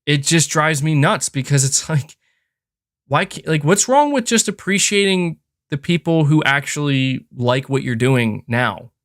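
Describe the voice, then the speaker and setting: A man's voice: fairly high pitch, lively intonation, measured pace, a bit bright. A man hosting a podcast, talking in a casual, frustrated rant with lots of fillers and restarts. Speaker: podcast host. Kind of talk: casual opinionated chat.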